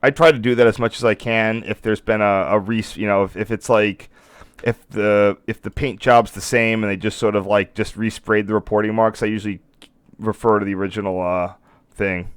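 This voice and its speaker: A man's voice: lowish voice, little pitch movement, normal speed, smooth, no echo. A man hosting a live stream in casual commentary, rambling and breaking off mid-thought, apologizing now and then, a little worn in the voice. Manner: rambling, self-interrupting, apologetic. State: losing his voice.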